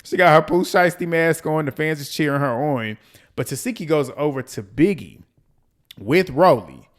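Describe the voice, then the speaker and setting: A man with a slightly high voice runs through a reality TV recap in casual commentary. He talks bluntly and profanely, with lots of animation. He mimics the people he quotes and repeats lines to drive a point home. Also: moderate pace. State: out of breath.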